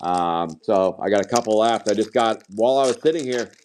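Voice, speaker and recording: Male card-break streamer, lowish voice, casual and rambling, easily sidetracked. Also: a little fast, a little mellow, a little hiss or hum. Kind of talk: casual live-stream chat.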